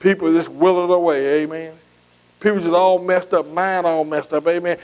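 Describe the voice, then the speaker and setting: Preacher guy, high voice, keeps asking am i right. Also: steady tone, normal speed, a little mellow, clear, resonant tone, poor audio. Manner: call-and-response preaching, repeats phrases. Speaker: pastor. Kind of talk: sermon.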